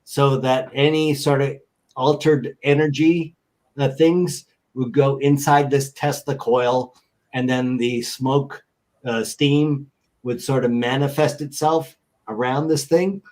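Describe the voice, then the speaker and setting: A middle-aged man telling a story in an interview, animated and acting out other people's voices. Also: medium pitch, slow pace, poor audio. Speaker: guest. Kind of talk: storytelling anecdote.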